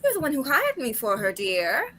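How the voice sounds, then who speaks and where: Woman doing a prim aristocratic lady, high, bright, unhurried, tabletop role-play. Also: huge pitch swings, husky, heavily acted, rough recording. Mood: poised. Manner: prim and formal. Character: poised aristocratic lady, wry and polite.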